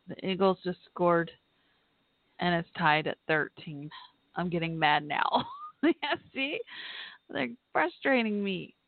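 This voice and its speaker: A woman's voice: lowish voice, animated, slow, long pauses, dry recording. A chatty woman hosts a casual live podcast, laughing often and talking back at a football game. Her voice comes through a tinny, phone-like line. The sound is dry and close. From Texas. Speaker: podcast host. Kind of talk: casual live-stream chat.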